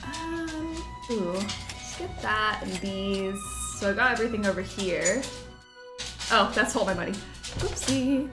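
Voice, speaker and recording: A woman's voice: mid-range voice, a little slow. A woman streamer casually chatting while playing a game, slipping into baby talk with her dog. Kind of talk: casual gameplay commentary. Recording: echoey room with loud music.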